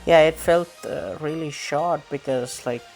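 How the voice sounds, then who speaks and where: Slow, rambling man reviewing manga. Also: fairly high pitch, gravelly, a little mellow. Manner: rambling, heavy on fillers, frequent chuckles. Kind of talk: casual review vlog. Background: faint background music.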